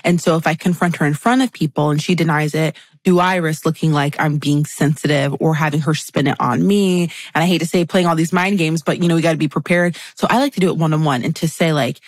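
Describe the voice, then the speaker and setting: Woman explaining with animated asides. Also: deep voice, fast, hardly any pauses, dry recording. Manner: animated, acts out catty quotes. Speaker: guest expert on friendship. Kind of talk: conversational podcast explanation.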